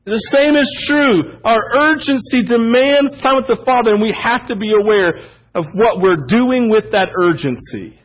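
A man preaching a sermon, animated and swinging between loud emphasis and hushed asides. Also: very high-pitched, unhurried, muffled recording.

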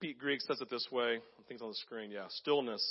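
A man preaching a sermon as pastor, animated, acting out voices, sometimes dropping to a hushed tone. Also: mid-range voice, a little fast, highs cut off. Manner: animated, acts out voices in quotes; drops to soft, hushed tones for emphasis.

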